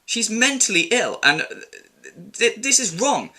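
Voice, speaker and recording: A young man vents in an angry opinion vlog, swearing freely and dripping with sarcasm. His voice is very bright and sharp, sitting fairly high, and it leaps around with lively intonation. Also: measured pace. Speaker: commentary vlogger.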